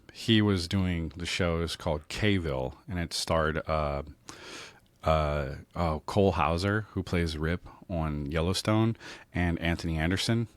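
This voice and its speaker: A deep-voiced podcast host in his thirties from New Orleans rambles through stories from his life in a casual monologue full of fillers and restarts. The recording has no echo.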